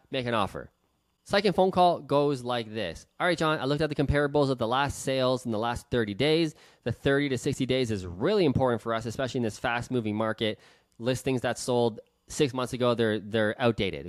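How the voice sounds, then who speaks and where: A man's voice: mid-range voice, no room sound. A man coaching sales calls in blunt, profane casual talk, acting out both sides of phone calls in shifting tones. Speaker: real estate investor teaching sales calls.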